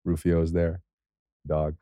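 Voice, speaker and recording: An American man in his thirties, a podcast guest, telling stories in a casual, lively way, swearing now and then. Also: sits low, measured pace, no echo, clean studio sound. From United States. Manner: lively, swears, acts out quoted speech. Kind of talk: casual storytelling.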